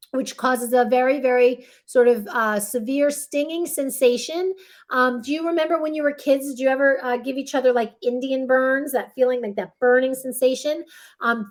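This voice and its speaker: Walking expectant parents through labor's stages, this high-voiced, middle-aged woman keeps things relaxed and conversational as a childbirth educator. She's reassuring and keeps asking "right?" to check in. In her casual, demonstration-based teaching, she voices the midwives and nurses when playing the staff.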